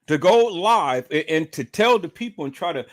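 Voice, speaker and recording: A man's voice: on the high side, expressive, normal speed. A man hosting a livestream, talking emphatically and repeating himself as he calls out to his viewers, with plenty of profanity. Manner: emphatic, repetitive, profane, keeps calling out to viewers. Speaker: livestream host. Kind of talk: livestream commentary.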